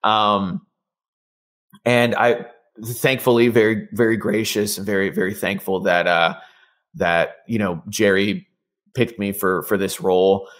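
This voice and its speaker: Young guy voice actor rambling in an interview, lots of ums, kinda low voice. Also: a little slow. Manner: relaxed, rambling, many fillers and restarts. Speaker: voice actor guest. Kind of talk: casual interview chat.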